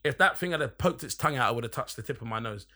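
Bright-voiced, sweary storyteller. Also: male voice, mid-range voice, expressive, fast talker. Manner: rambling, sweary, emphatic. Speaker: podcast storyteller. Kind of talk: casual anecdote telling.

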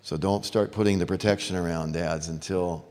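A man's voice: low voice, fairly even intonation, moderate pace, a little mellow, a little hiss or hum. A middle-aged man preaching a sermon to fathers, earnest and storytelling. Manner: earnest, storytelling with acted-out voices. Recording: long hall reverb.

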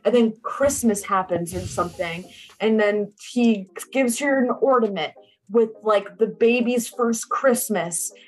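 A woman's voice: mid-range voice, measured pace. A young woman casually recapping a movie, blunt and chatty, swearing freely and saying "like" often.

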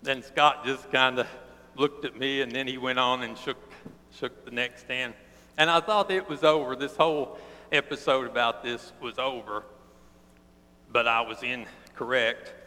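A man preaching a sermon, telling a personal story in an earnest, plainspoken way and slowing down for emphasis. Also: medium pitch, steady tone, sharp tone. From East Tennessee. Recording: long reverb of a large hall.

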